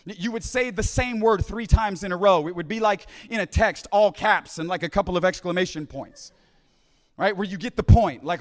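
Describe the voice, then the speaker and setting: Brief: male preacher, high-pitched, "right?" asides, big reverberant hall. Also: moderate pace. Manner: repeats phrases, restarts, "right?" asides, drops to hushed quoting. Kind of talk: conference sermon. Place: large conference hall.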